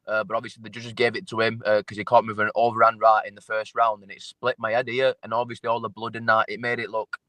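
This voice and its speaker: A man chatting casually as a fighter in an interview. His voice sits at an ordinary pitch, blunt and full of swearing, and he often doubles back on his own words. The sound is dry and close, with little room around it. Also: flat delivery, fast talker, hardly any pauses, pushed and bright, dry recording. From England. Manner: swearing, blunt, repeats himself. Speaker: MMA fighter guest.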